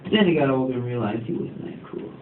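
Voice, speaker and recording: A man's voice: mid-range voice, lively intonation, fast talker. A man talking as a musician guest in a casual interview, rambling and laid-back with lots of fillers. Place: recording studio. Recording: tinny, echoey, distant, faint hiss.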